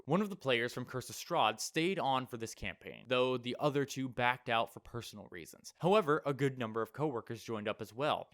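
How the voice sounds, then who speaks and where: A man's voice: mid-range voice, a bit bright. A man reading tabletop gaming horror stories aloud as a channel host, breaking off with exasperated, incredulous reactions. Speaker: YouTuber reading reddit stories.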